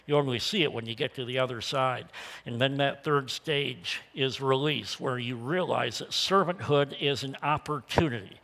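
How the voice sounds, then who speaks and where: Older preacher in a reverberant hall. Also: male voice, medium pitch, moderate pace, vocal fry. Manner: storytelling, emphatic, swings loud and quiet. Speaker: pastor. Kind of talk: sermon.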